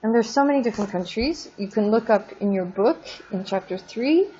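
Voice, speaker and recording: A woman teaching a French class in a recorded lesson, drawing out words slowly for pronunciation drills and adding casual asides. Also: medium pitch, expressive, dark tone, lo-fi sound, slight background noise.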